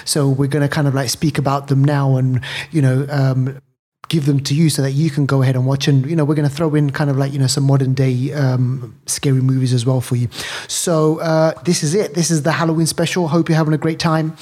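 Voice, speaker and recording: Male co-host, husky voice, excitable rambling storyteller. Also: medium pitch, fairly quick. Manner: animated, rambling, full of "right" and "you know". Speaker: podcast co-host. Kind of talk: casual chat.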